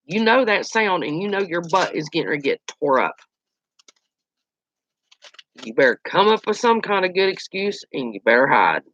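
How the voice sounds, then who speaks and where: Animated storyteller, lo-fi. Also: medium pitch, normal speed, pauses often, slight background noise. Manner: animated, colloquial, exclaiming. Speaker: outdoors channel host. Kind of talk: casual storytelling. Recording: dull lo-fi dry recording.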